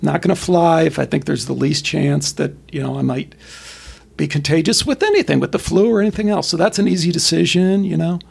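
A middle-aged man talking as a podcast guest, blunt and profane, telling stories in an animated way. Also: a little high, fairly quick, gravelly, breathy edge. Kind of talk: casual conversation.

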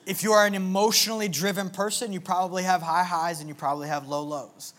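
Young male pastor with a high voice; conversational, earnest sermon delivery. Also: steady tone, fast, fairly bright tone. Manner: conversational, earnest, with filler words.

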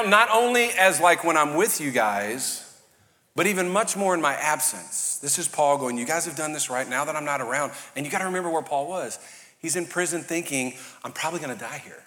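A pastor preaching a sermon with passion and jokes, swinging between loud fired-up bursts and hushed, quiet lines. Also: male voice, fairly high pitch, a little hiss or hum. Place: large church hall. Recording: reverberant live church hall.

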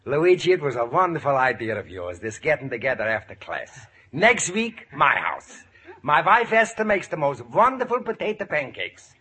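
An actor playing a chatty married classmate with a husky, gushing voice, in a 1940s radio sitcom. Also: male voice, a little high, sing-song, normal speed, sharp tone, full character voice.

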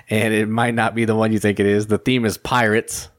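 A man co-hosting a casual board game talk in a relaxed, agreeable way. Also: lowish voice, moderate pace, no room sound, clean studio sound. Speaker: podcast co-host. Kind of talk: casual chat.

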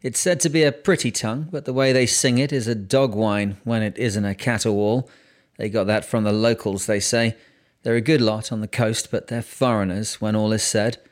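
A gruff old sea captain near retirement, as a male narrator reads him, growling and bitter. The voice sits low and grumbles through every line, testy and hard to please. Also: steady tone, normal speed, lightly acted. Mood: grumbling. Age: 60s. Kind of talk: audiobook character voice.

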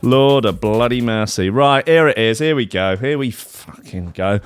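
A man's voice: mid-range voice, unhurried, clean tone, faint music behind. A man hosting a radio show, chatting casually between tracks with sardonic, sweary, rambling asides.

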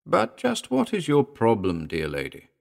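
A man voicing a smooth, condescending middle-aged gentleman in an audiobook drama, speaking in an unctuous, soothing way. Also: mid-range voice, huge pitch swings, a little slow, voice pushed up, exaggerated voice.

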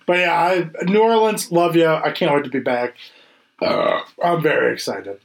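A man's voice: fairly high pitch, creaky, a crowd in the background, low-quality recording. Laid-back swearing podcast guy. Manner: laid-back, swears freely, quick repeats. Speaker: podcast co-host. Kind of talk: casual chat.

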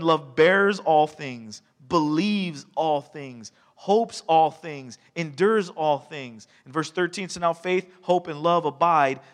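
Man preaching, raised pitch, animated storytelling, long church hall echo. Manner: conversational, animated storytelling with laughs. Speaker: pastor. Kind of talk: sermon. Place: church sanctuary.

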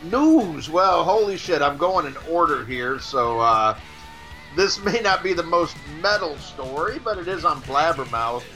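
A man with a somewhat high, sharp, tense voice co-hosts a casual podcast. He talks excitably, stumbling over restarts and swearing freely. Faint music plays behind him. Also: measured pace. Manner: excitable, stammering restarts, profane. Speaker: podcast co-host. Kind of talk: casual chat.

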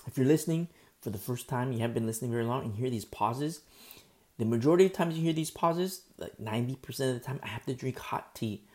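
A man preaching verse by verse, earnest and rambling, stumbling over hard names and pausing often because his throat is sore. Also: mid-range voice, a little mellow. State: sore throat, pauses to drink tea. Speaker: pastor. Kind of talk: verse-by-verse Bible teaching.

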